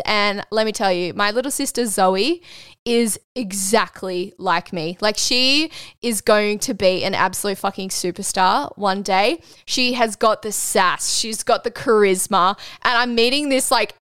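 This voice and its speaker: A woman's voice: medium pitch, fairly bright tone, clean tone, no room sound, studio quality. A young woman, hosting a podcast and telling a personal story candidly, swearing casually and getting emotional. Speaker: podcast host.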